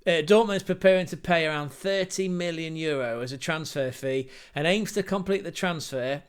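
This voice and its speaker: A man hosting a football channel, talking in a casual, jokey and animated way with quick asides. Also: a little high, clean tone. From England. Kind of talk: casual commentary.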